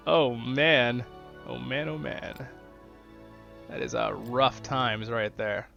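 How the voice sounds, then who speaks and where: Gravelly man doing chatty game commentary. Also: mid-range voice, measured pace. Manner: chatty and excitable, talking to viewers. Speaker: gaming channel host. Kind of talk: casual gameplay commentary. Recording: dull lo-fi sound with faint music.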